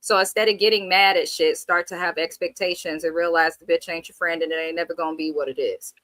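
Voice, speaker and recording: A woman's voice: on the low side, fairly even intonation, fast, a bit bright, no echo, poor audio. A woman co-hosting a casual TV recap, blunt and opinionated, swearing freely. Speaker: co-host.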